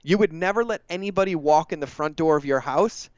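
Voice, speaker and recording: A man speaking as a podcast guest, his voice smooth and resonant and sitting a little high. He talks with energy and likes to hammer a point by repeating it. The sound is dry and close, with a slightly dull, lo-fi edge. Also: brisk, no echo. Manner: energetic, emphatic, repeats phrases for effect. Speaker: guest entrepreneur. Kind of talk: casual podcast conversation.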